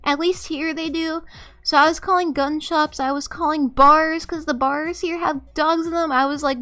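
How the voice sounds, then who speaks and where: A woman's voice: high voice, steady tone, moderate pace, pushed and bright, soft background music. A young woman streamer telling a rambling, profane story in an exasperated, casual way, often laughing. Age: young adult.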